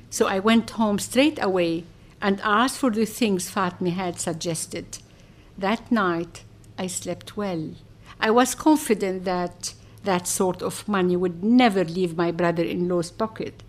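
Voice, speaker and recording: A woman reading a first-person story aloud as an audiobook narrator, with measured storytelling and wry asides. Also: mid-range voice.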